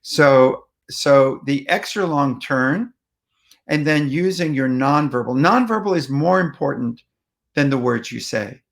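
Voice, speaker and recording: A man giving a patient, plainspoken explanatory talk on how to speak with upset people and toddlers, often pausing with ums and restarting phrases. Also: medium pitch, lively intonation, vocal fry. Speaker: parenting communication speaker.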